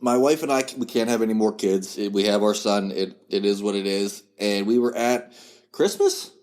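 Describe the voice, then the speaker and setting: A man with a West Virginian drawl, relaxed in a casual chat. He tells family stories with a chuckle in his voice and acts out what his relatives said. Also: on the low side, moderate pace. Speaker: podcast guest.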